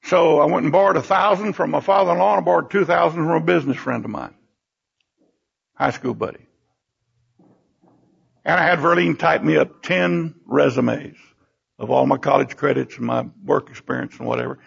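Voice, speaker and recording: Gravelly, high-voiced older preacher. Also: male voice, normal speed, long pauses. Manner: storytelling, animated exclamations. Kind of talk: sermon. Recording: dull lo-fi recording.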